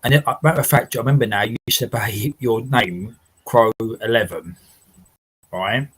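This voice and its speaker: A man hosts a casual at-home livestream, reading viewer comments and rambling along, with frequent laughter and the occasional swear. His mid-range voice is husky with a fairly bright tone, at a moderate pace. Audio quality is poor.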